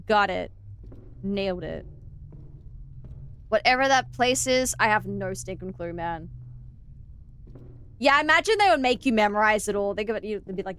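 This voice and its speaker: A woman's voice: mid-range voice, animated, normal speed, pauses often, a bit bright, clean tone. A young Australian woman streaming a game, chatting playfully with viewers, giggling and sounding out words as she rambles. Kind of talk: casual live-stream chat while gaming.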